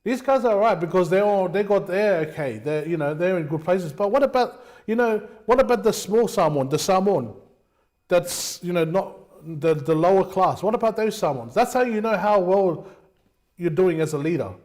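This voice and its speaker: A man's voice: high voice, expressive, normal speed, darkish tone. A man rants through fiery political commentary on his talk show. He keeps calling listeners "mate", and his voice often jumps up when he pushes a point. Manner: passionate, ranting, says "mate" often. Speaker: show host.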